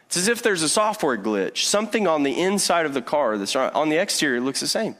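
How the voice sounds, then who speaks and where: A man in his thirties preaching a sermon as pastor, telling stories with lively restarts and repeated words. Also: on the high side, fairly quick. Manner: animated storytelling with many restarts. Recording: long hall reverb.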